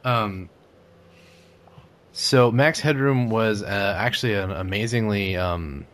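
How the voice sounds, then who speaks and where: A man's voice: fairly low pitch, takes it slowly, fairly bright tone. A man co-hosting a casual chat, talking enthusiastically in long rambling runs with plenty of swearing.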